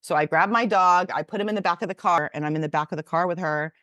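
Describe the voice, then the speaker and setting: Low-voiced woman telling a lively story. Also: quick pace, no room sound. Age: 40s. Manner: animated storyteller acting out quotes. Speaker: podcast co-host. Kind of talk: casual storytelling chat.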